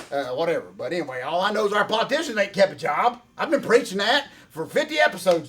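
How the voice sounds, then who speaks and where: A middle-aged man with a drawl chats about wrestling in a rambling, folksy way. His voice sits high for a man, and he keeps returning to the same pet phrases. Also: lively intonation, fast, few pauses, a bit bright, a little hiss or hum. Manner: folksy, rambling, repeats catchphrases. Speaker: co-host. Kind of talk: casual wrestling podcast chat.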